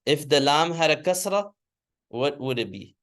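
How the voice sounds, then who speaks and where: A man's voice: fairly high pitch, animated, moderate pace, fairly bright tone. A man teaching Arabic grammar in a classroom, explaining patiently and leading students through recited drills. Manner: patient, repeats terms and has students recite after him.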